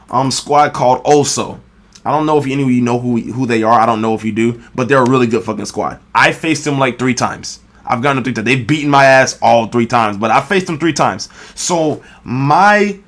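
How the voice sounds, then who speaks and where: A man ranting as a gaming video creator, openly irritated and swearing constantly. His voice sits at a middling pitch as he pushes through his argument. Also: a bit bright. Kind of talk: ranting response commentary.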